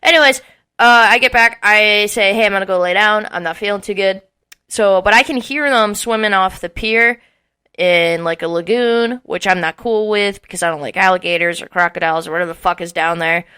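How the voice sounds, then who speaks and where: Bright, clear young woman telling a story. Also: mid-range voice, a little fast. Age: early 20s. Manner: animated, swearing often, acting out quotes with laughs. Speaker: podcast co-host. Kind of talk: casual storytelling chat.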